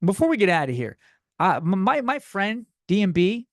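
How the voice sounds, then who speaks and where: A young man hosts a comedy podcast, ranting loosely and profanely, slightly tipsy and a bit out of breath. His high-pitched voice is very animated at a moderate pace, recorded clean in a studio with no room sound.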